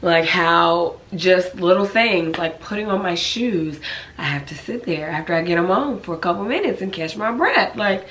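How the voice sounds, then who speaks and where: Raspy-voiced woman vlogger with a cold. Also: fairly low pitch, expressive, moderate pace, a bit bright. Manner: chatty, friendly, with many likes and ums. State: hoarse from a cold; easily out of breath. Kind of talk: casual chat to camera.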